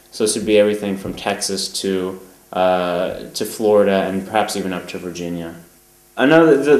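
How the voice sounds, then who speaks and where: Man, General American accent, low voice, unhurried lesson, echoey room. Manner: calm, measured explaining with frequent "um" pauses. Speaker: language teacher. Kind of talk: explanatory lesson.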